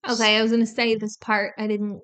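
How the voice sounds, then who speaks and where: A woman's voice: mid-range voice, completely flat delivery, quick pace, fairly bright tone, smooth. A woman co-hosting a reaction video, chatting casually and asking short, curious questions. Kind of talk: casual chat.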